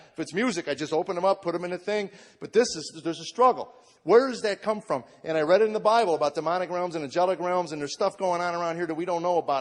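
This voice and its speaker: A middle-aged man, a comedian by trade, gives a storytelling testimony to a live audience. His voice sits a little high and often stumbles over repeated words. It stays mostly low and subdued, then rises to shouts, and it rings with the long reverb of a large hall. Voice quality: repeats words when he starts sentences.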